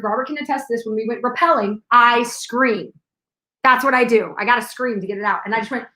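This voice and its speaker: A young woman telling a personal story in an animated way, acting out the scenes with sudden drops and bursts of volume. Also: high-pitched. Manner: dramatic, acts out scenes with shifts in volume. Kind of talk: animated anecdote. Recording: echoey room.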